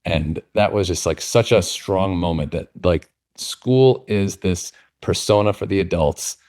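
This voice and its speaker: A man's voice: deep voice, unhurried, a little mellow. A man guesting on a podcast, telling a personal story in an earnest, reflective way. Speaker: guest author. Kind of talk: casual conversation, storytelling.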